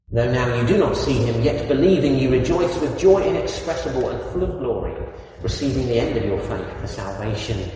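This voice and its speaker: A man preaching a sermon, animated, with rhetorical questions to the congregation. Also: mid-range voice. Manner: animated, rising loud on key phrases, asks the congregation rhetorical questions. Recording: echoey hall from far off, faint noise.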